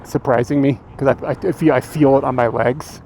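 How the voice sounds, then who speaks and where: Gravelly, laid-back male streamer. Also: mid-range voice, fairly even intonation, moderate pace, darkish tone, slight background noise. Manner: laid-back, chatty, laughs often. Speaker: IRL streamer. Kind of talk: casual storytelling on a walk. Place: outdoors on a city street.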